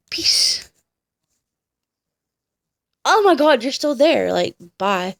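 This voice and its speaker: A young woman with a somewhat high voice tells her life story to the camera in a vlog. She speaks bluntly, with heavy swearing and heated retellings. She sounds tired. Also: very animated, extremely slow, creaky, long pauses. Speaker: vlogger.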